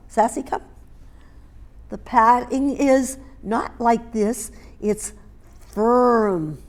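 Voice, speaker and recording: A middle-aged woman teaching dog training, speaking emphatically, repeating key points and checking in with her listeners. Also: fairly high pitch. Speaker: dog grooming and training instructor. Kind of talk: hands-on teaching demonstration.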